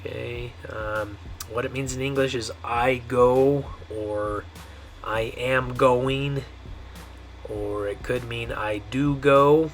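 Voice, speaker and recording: A man teaching a pronunciation lesson, who talks patiently and repeats each word slowly with a frequent "okay". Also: medium pitch, steady tone, soft background music. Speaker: Spanish teacher. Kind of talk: language lesson.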